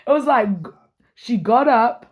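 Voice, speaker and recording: Hoarse young woman ranting. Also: fairly high pitch, unhurried. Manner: heated and profane, with frequent restarts. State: hoarse, losing her voice. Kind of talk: candid storytime rant to camera.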